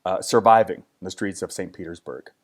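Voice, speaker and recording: A man's voice: deep voice, fairly quick. A middle-aged man from a theater production, recounting a story in a casual interview with thoughtful small restarts.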